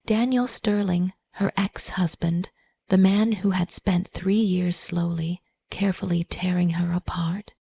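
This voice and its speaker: A woman tells a dramatic story in whispered role-play, her breathy whisper low, dark and gravelly. The sound is close and dry, with no room around it. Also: fairly even intonation, a little slow, no echo. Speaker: narrator.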